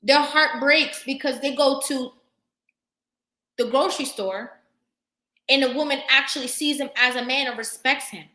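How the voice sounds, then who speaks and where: A young woman hosts a live stream and lectures her viewers with fervent emphasis, stopping now and then to thank them for comments. Her voice is bright and a little high. The room around her echoes. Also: normal speed, long pauses. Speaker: vlogger hosting a live stream. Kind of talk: impassioned live-stream talk. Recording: roomy echo.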